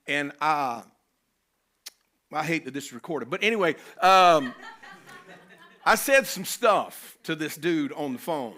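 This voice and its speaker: A man's voice: fairly high pitch, lively intonation, slow pace, pauses often, pushed and bright. A man, telling a personal story animatedly as a conference speaker. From North Carolina, US. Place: conference venue.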